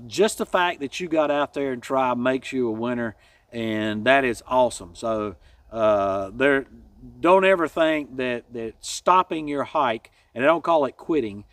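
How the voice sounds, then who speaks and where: A man's voice: mid-range voice, fairly bright tone, far from the mic. A man hosting a hiking channel, giving a casual, rambling trail update with folksy self-deprecating jokes.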